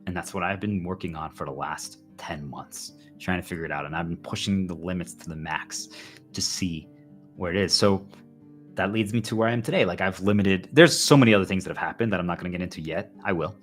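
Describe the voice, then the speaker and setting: A man's voice: deep voice, a little fast, faint music behind. A man livestreaming a rambling, intense personal monologue, full of repeated fillers. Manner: intense, repetitive, heavy use of "like".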